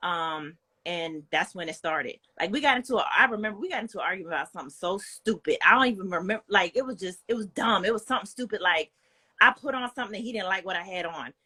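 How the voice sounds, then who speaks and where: A woman's voice: medium pitch, lively intonation, fast talker, sharp tone, slightly rough. A young woman, speaking as a guest in a candid, personal storytelling style, earnest and frank, with plenty of "like" and "you know".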